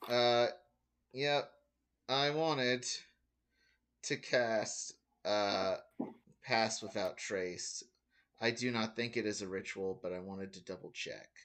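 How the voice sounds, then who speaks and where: A man playing a tabletop game, unhurried and blunt in casual chat. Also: lowish voice, a bit bright. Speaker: player.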